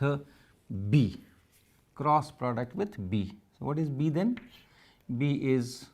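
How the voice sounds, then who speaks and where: A man giving a physics lecture, working through equations step by step and repeating phrases as he writes. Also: on the high side. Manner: repeats phrases while writing, methodical.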